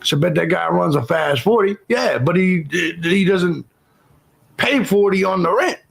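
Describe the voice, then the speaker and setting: A man's voice: sits high, animated, a little slow, gravelly, low-quality recording. A man hosting a livestream, talking bluntly and profanely and thanking viewers for donations in casual commentary. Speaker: livestream host.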